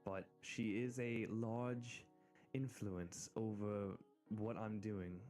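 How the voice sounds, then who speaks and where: An American man streaming, chatting casually and excitedly in rambling asides. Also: on the low side, slow, faint music behind. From United States. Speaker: VTuber streamer. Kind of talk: casual live-stream chat.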